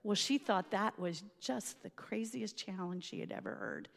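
A woman telling a personal story in a lively, self-mocking way, laughing often. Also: medium pitch, moderate pace, vocal fry, in a large hall.

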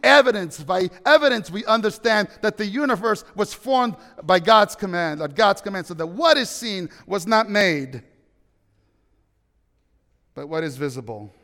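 A man preaching a sermon as pastor, swinging between loud proclamations and hushed storytelling. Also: sits high, animated, a little slow. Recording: long hall reverb.

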